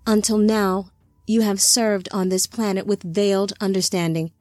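A woman voicing a calm male divine lord who speaks softly and in measured, reassuring tones. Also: mid-range voice, no room sound, clean studio sound, faint music behind, natural voice. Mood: gentle.

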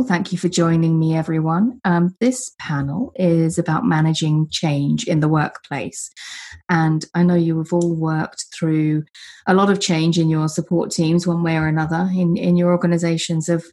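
A woman hosts a podcast panel, speaking in a friendly way and often restarting her sentences. Her voice sits a little low and has a husky edge. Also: darkish tone. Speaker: podcast host. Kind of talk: panel discussion hosting.

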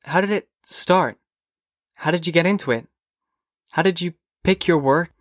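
Guy doing a curious teen girl, lilting and eager, higher voice, dry audiobook sound. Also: normal speed, dry recording, lightly acted. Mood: wondering. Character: curious whimsical teenage girl, gentle and teasing. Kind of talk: audiobook character voice.

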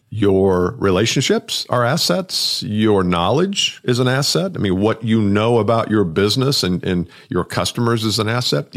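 A man, a sales and business coach, talks alone on his podcast in an energetic, conversational way, often repeating words for emphasis. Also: on the low side. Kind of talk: solo podcast monologue.

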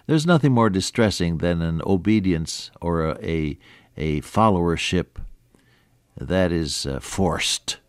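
A man's voice: low voice, expressive, measured pace, vocal fry, no echo, studio quality. A man preaching a sermon, telling stories and explaining scripture in a conversational way with rhetorical questions. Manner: conversational storytelling with Greek word study.

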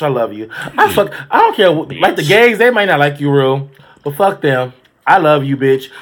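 Male podcast co-host, slightly high voice, sassy gossip, loose and profane. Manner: sassy, animated, swears freely. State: allergic reaction swelling face. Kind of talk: casual gossip chat.

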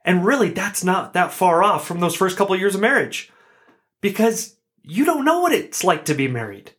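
A man's voice: sits high, sing-song, moderate pace, a bit bright. A man hosting a podcast on his own, talking in an earnest, chatty way and often restarting or correcting himself. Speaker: podcast host. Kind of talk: solo podcast talk, casual.

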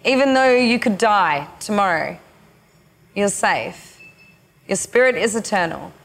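A woman spiritual teacher leading a retreat session, speaking slowly and haltingly with many pauses. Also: mid-range voice, expressive, gravelly, a bit bright.

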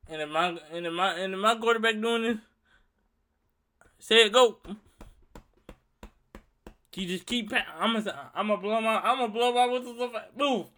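A young man from Louisiana in his twenties rants through a solo podcast, swearing freely and telling stories with animated heat. His voice sits high for a man and cuts through with a piercing, tense brightness. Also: fast talker, few pauses. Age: 20s. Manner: animated, profane, heated storytelling. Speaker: podcast host. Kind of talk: ranting solo monologue.

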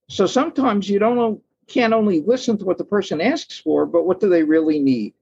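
Male guest storyteller, husky and slightly high voice, dry lo-fi sound. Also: fairly quick, hardly any pauses, a little mellow, dry recording. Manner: thoughtful storyteller, acts out quoted lines. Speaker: guest author. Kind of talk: storytelling in a podcast interview.

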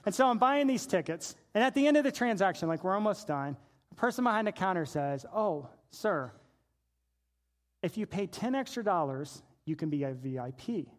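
Animated high-voiced preacher man. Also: moderate pace. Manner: animated, playful, acts out voices in anecdotes. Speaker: pastor. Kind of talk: sermon with personal storytelling.

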